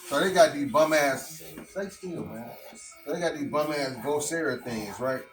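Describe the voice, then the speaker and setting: Animated man telling a rowdy story. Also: on the high side, normal speed, far from the mic. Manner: profane, animated storytelling, quotes voices. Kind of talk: casual story with friends. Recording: echoey room with music playing.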